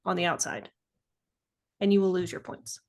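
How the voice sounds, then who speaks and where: A woman's voice: lowish voice, steady tone, moderate pace, creaky, a little mellow. A woman co-hosting a live online quilting lesson, explaining sewing steps with hesitations. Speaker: co-host.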